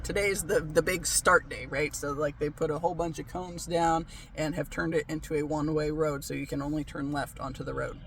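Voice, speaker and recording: A man's voice: fairly high pitch, fairly bright tone, slight background noise. A man telling a story in a casual vlog, ranting, swearing freely and laughing often. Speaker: vlogger.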